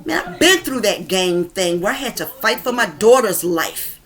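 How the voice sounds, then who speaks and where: A woman's voice: medium pitch, animated, moderate pace, fairly bright tone. A woman in her fifties from Georgia with a Southern accent, speaking her mind in an emphatic, impassioned vlog monologue from a room at home. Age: 50s. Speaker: vlogger. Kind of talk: venting monologue.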